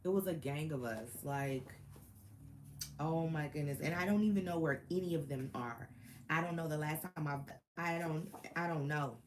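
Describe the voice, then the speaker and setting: A woman's voice: low-pitched, moderate pace, slight background noise. Woman veteran chatting to camera. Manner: animated storytelling with laughs and slang. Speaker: Marine veteran vlogger. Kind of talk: casual chat to camera.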